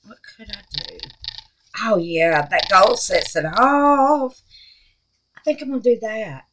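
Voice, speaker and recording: Lady doing a craft vlog, slow easy talk, gushy and chatty, calls everybody babies. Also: mid-range voice, slight background noise, poor audio. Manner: chatty, excitable, calls viewers babies and honey. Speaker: resin craft channel host.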